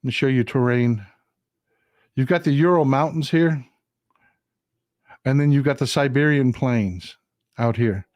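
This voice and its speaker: A man's voice: medium pitch, unhurried, pauses often, a little mellow, no room sound, studio quality. A man hosting a live-streamed political commentary show, talking through a map and repeating lines for emphasis. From Texas. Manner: emphatic, repeats phrases for stress.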